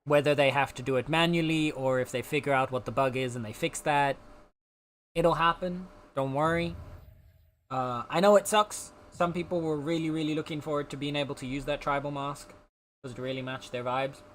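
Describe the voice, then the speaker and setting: A man's voice: fairly high pitch, lively intonation, brisk, fairly bright tone, a little hiss or hum. A man livestreaming a game, chatting casually and reassuring his viewers as he answers their chat. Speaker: game streamer.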